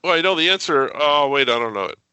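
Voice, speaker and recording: A man's voice: on the high side, expressive, fast talker, pushed and bright, smooth, no room sound. A man co-hosting a podcast, chatting playfully and hesitantly about a TV episode. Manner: playful, hesitant, laughs off his own slips. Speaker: podcast co-host. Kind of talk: casual chat reviewing a TV episode.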